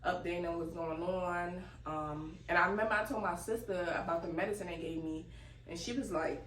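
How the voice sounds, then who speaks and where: A young woman telling a casual, animated story and laughing as she goes. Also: lowish voice, fairly quick. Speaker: vlogger. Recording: echoey room, distant mic, faint noise.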